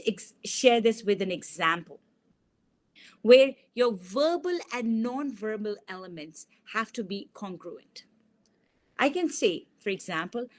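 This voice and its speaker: A woman lecturing on communication at a university, explaining a model step by step and illustrating it with examples. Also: mid-range voice. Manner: explanatory, gives examples with repeated sample sentences.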